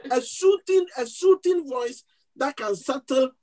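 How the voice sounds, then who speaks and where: A man's voice: very high voice, unhurried, poor audio. Storytelling male preacher. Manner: repetitive restarts, animated storytelling with laughs. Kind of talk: sermon storytelling.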